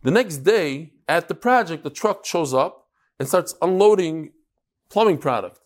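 Rabbi teaching a class: a man with a slightly high voice who tells stories in a lively way and calls out to his students. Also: unhurried. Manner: animated, talks straight to the class. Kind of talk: lively lecture with storytelling.

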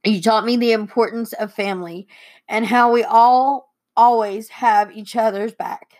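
A woman's voice: fairly high pitch, fairly even intonation, measured pace, a little mellow. A young woman, a daughter co-hosting, reading heartfelt letters aloud and fighting back tears. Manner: tearful, emotional reading. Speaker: co-host and daughter.

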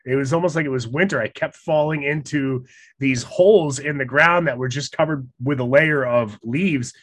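A man's voice: mid-range voice, moderate pace, no echo. A man in a casual chat, recounting a hard outdoor trip with self-mocking humor and frequent laughter. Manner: laughs often, self-deprecating.

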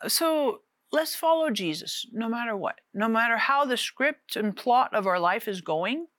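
A woman preaching a casual, conversational sermon, animated and often repeating words. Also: on the high side, unhurried, no echo.

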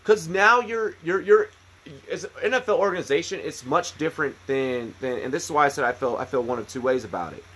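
A man's voice: a little high, animated, fairly quick, a bit bright, breathy edge. A man in his thirties from the United States, a veteran podcast co-host telling stories in a rambling, profane way with lots of restarts. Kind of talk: casual chat, storytelling.

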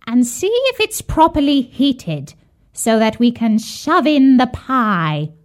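A woman's voice: fairly high pitch, sing-song, takes it slowly, pitched above the performer's own voice. A woman voicing a wicked old witch who eats children, jeering and bossy. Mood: scolding.

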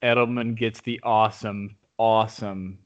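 A man in casual sports talk, telling a game story with excited, rambling restarts. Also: on the low side, moderate pace. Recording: dull lo-fi audio.

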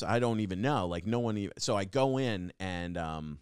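A young adult man hosting a podcast, telling a comedic story in a rambling, animated way full of fillers and restarts. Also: lowish voice, a little fast, clean tone, no echo, studio quality. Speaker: podcast host.

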